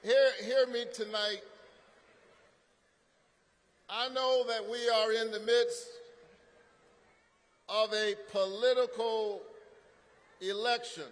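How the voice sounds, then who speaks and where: A man's voice: sits high, flat delivery, slow, pauses often. Rousing preacherly man at a rally. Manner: preacherly, rousing call-and-response. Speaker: pastor and rally speaker. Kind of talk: political rally speech. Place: large rally venue. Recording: long arena reverb.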